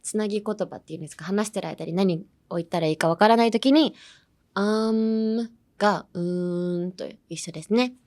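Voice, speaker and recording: A woman's voice: medium pitch, fast talker, a little mellow. A young woman from California teaching English casually, mixing in Japanese and leaning on "um" and "like". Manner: uses lots of "um" and "like" fillers; switches between English and Japanese.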